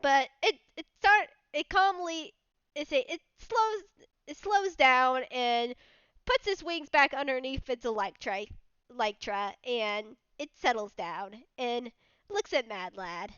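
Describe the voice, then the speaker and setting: A woman's voice: sits high, expressive, slow, a bit bright, smooth, no room sound. A woman running a tabletop game as game master, narrating in a rambling way full of restarts. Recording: dull lo-fi sound, dry.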